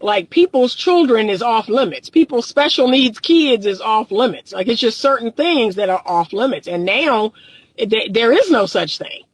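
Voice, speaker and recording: A woman's voice: a little high, expressive, normal speed, no echo, rough recording. A woman relationship coach speaking straight to her viewers in an earnest, emphatic way, repeating her key phrases for weight. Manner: addresses viewers as "y'all". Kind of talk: direct-to-camera monologue.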